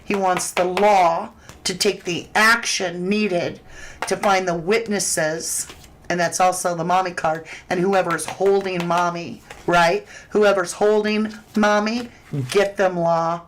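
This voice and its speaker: A woman with a lowish voice reads tarot cards live and answers viewer questions. She talks in a loose, chatty way, restarting her sentences. A faint hiss sits under her voice. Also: steady tone, takes it slowly, rough recording. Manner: chatty and conversational, with frequent restarts and fillers. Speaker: tarot reader host.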